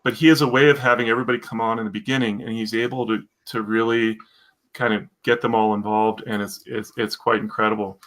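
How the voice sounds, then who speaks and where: An American man co-hosts a casual live stream, rambling through his thoughts and picking up viewer comments. His voice sits a little low but comes across bright and forward. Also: little pitch movement, fast. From United States.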